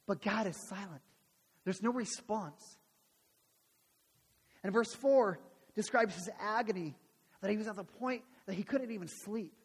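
A man's voice: sits high, normal speed, pauses often, husky, big-room sound. A male pastor preaching a sermon and praying, earnest, with frequent restarts and repeated words.

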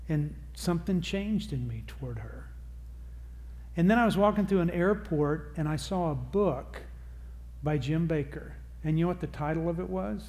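A man's voice: a little high, a little mellow. A middle-aged man giving a parenting seminar talk to a live audience, conversational and self-deprecating, acting out quotes. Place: church or seminar hall with audience.

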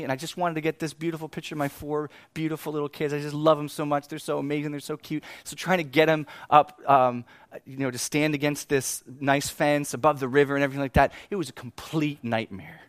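A man in his thirties preaching, telling a family story with animated swings between exasperated outbursts and quiet reflection. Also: on the high side, fast talker, no echo. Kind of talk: sermon storytelling.

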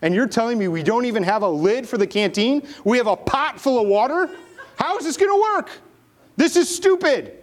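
Man playing a high-voiced young soldier, fed up and incredulous, in a storytelling sermon. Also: animated, brisk. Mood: exasperated. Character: exasperated young soldier brother, complaining.

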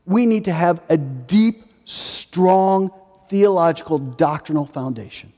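Man in his forties, pastor's sermon, emphatic, repeats himself, fairly high voice, long hall reverb. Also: darkish tone. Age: 40s. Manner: emphatic, repeats key phrases.

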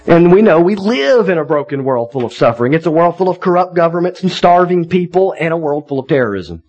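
A man's voice: on the high side, sing-song, a little fast, darkish tone, dull audio. A man in his thirties, a pastor preaching a sermon in a conversational, folksy way, often checking in with his listeners.

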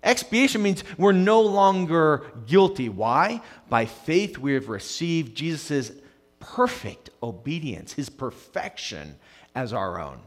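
A young adult man preaching a sermon, swinging between loud emphatic passages and hushed quiet ones. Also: fairly high pitch, very animated, slow pace. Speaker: pastor.

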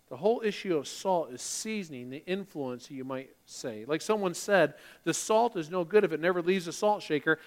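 A man's voice: sits high, long reverb tail. A man preaching a sermon as pastor, building emphasis and briefly mimicking churchgoers.

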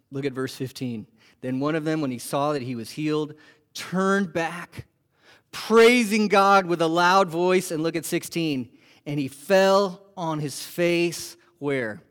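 Pastor, man, unhurried sermon delivery, fairly high voice, animated with rhetorical questions.

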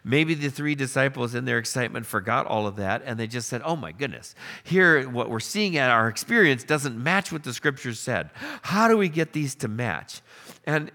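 A man preaching a sermon, telling the story with animated questions and acted-out lines. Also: mid-range voice, normal speed. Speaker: pastor.

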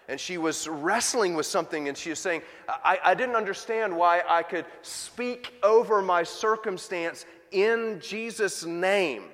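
A man preaching a sermon with emphatic, impassioned delivery, slowing and rising as he dramatizes pleading voices. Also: fairly high pitch, a bit bright. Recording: hall reverb.

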